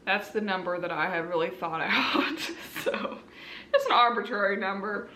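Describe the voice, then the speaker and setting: Bright and forceful in tone, this twenty-something woman's mid-range voice has lively intonation and a moderate pace. Her casual vlog to camera is chatty and meandering, sprinkled with gentle self-mocking laughter, and the echoey room carries a faint background hum.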